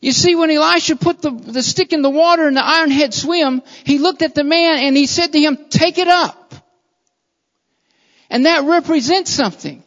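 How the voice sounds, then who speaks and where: A preacher delivering a sermon in repeated, building phrases, by turns loud and fervent, then quiet and earnest. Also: sits high, a little fast, few pauses, long reverb tail, muffled recording.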